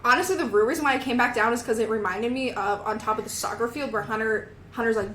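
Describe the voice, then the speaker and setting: A young woman co-hosts a podcast in a rambling, giggly, self-mocking chat. Her voice sits a little high, and the room around her is echoey. A faint ambient hiss stays under her voice. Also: fast, hardly any pauses, fairly bright tone. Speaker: podcast co-host. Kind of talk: casual chat.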